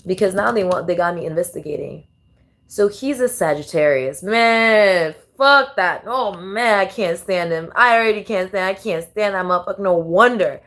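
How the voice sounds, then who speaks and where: A woman's voice: on the low side, fairly quick. Woman giving profane casual commentary. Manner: casual, profane, thinking aloud with many restarts. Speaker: tarot and astrology vlogger. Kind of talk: casual commentary while playing songs.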